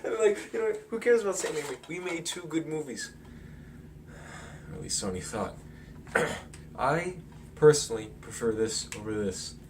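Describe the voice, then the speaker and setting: A man's voice: fairly high pitch, lively intonation, normal speed, long pauses. A man chatting casually through a movie analysis, rambling with lots of fillers and chuckles. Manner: rambling, filler-heavy, chuckles while talking. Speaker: film commentary vlogger. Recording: distant mic with faint noise.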